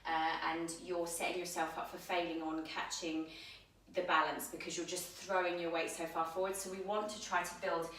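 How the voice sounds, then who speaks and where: A woman teaching a yoga handstand class, giving calm step-by-step cues while she demonstrates, somewhat out of breath. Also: on the low side, normal speed, slight background noise. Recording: very echoey room, mic at a distance.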